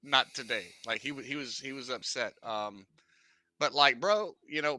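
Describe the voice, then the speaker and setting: A man's voice: mid-range voice, pushed and bright, dry recording. A man from the United States hosting a casual podcast, rambling and joking with a lot of profanity. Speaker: podcast host.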